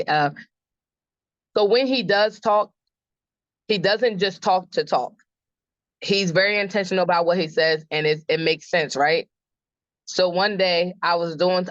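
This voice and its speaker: A woman's voice: fairly low pitch, no echo. A woman guest telling stories about her family in a casual podcast chat. She laughs often and acts out what others said. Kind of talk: casual storytelling interview. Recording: dull lo-fi dry sound.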